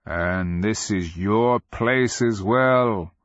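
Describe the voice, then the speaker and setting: A man reading an audiobook voices an ancient male nonman warrior-priest who speaks slowly in deep, intoning tones. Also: dry recording, highs cut off.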